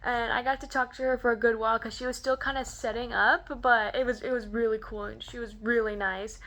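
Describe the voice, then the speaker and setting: A young woman tells a story straight to camera in a casual vlog. Her voice is bright, with a sharp edge, and sits somewhat high. She gushes excitedly and leans on "like" as a filler. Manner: gushing, excitable, lots of "like" fillers. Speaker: vlogger.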